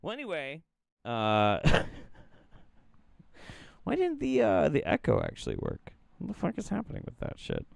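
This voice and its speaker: A man's voice: fairly high pitch, huge pitch swings, normal speed, gravelly, pauses often, no echo. A man hosting a show of reaction clips, joking in a profane, playful and exaggerated way as he comments. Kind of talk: casual comedic commentary.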